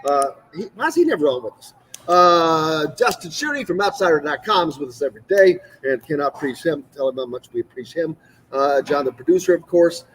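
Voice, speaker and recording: A man hosting a sports radio show who banters and teases his guests in a relaxed way. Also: fairly high pitch, fairly quick, slight background noise, poor audio. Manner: joking, teasing.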